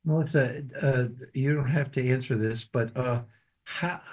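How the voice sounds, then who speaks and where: A man hosting a podcast who asks his guest questions gently and a little tentatively. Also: mid-range voice, measured pace. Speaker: podcast host. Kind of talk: conversational interviewing.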